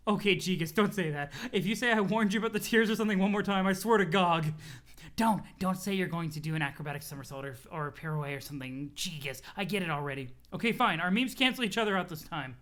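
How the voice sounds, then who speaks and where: A reader playing a cool, irritable teenage boy who sneers through every line in a deadpan way. The voice comes across bright and edged. It is read aloud for a web comic. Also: mid-range voice, quick pace, close to an everyday voice. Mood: irritated.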